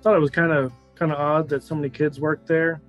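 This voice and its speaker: Man voicing a curt, tough animal-keeper woman, quick and blunt. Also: a little high, level tone, faint music behind, close to an everyday voice. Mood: gruff. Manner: curt, brusque, calls others "little man".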